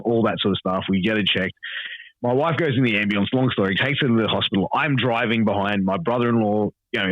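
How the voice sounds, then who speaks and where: An Australian man in his thirties tells a story with lively, unfiltered energy, swearing casually and voicing the people in it. His voice sits at an ordinary middle pitch. The recording is dry and a little muffled, like a plain podcast mic. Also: no room sound. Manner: animated, swears freely, acts out quoted dialogue. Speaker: podcast guest. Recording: dull, dry podcast audio.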